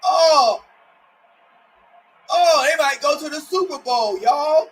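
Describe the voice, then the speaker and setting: A man with a strikingly high voice hosts a live watch-along of a football game. He exclaims, shouts and rants sarcastically at every play, with a faint hiss behind him. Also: moderate pace, low-quality recording. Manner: loud, exclamatory, sarcastic ranting. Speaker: sports streamer.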